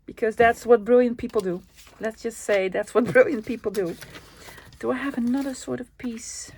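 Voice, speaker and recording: A woman's voice: fairly high pitch, moderate pace, darkish tone, a little hiss or hum. Chatty Dutch-accented woman crafting. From Netherlands. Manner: chatty, talks to herself while working. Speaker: crafting channel host. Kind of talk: casual craft-along chat.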